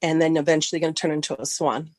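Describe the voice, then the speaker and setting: Talking fast on a podcast, a middle-aged guest from Southern California casually shares a personal story and performs the dialogue, her pitch soaring when she's excited. The recording is dry.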